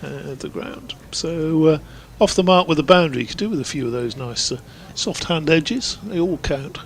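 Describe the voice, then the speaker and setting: A man's voice: on the high side, expressive, moderate pace, slight background noise. A man giving live ball-by-ball cricket commentary in a chatty, rambling way, drifting into anecdotes between deliveries.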